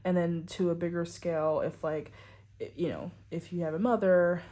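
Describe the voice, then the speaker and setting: A woman's voice: on the low side, fairly even intonation, moderate pace, mellow. A woman giving a casual tarot reading to her viewers, rambling and full of "like" and "you know". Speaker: tarot reader.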